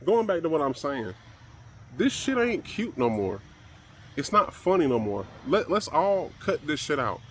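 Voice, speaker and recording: A man's voice: a little high, very animated, a little slow, slight background noise. Blunt, profane man ranting solo. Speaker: commentator.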